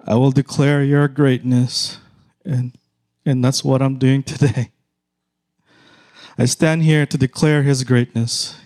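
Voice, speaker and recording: Filipino-accented middle-aged preacher, unhurried delivery, mid-pitched male voice. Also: little pitch movement, darkish tone. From Philippines. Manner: slow, measured, emphatic repetition. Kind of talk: sermon.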